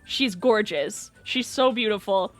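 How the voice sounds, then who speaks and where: A woman's voice: medium pitch, unhurried, soft background music. A young woman streaming, telling a rambling story in a chatty, self-deprecating way and laughing often.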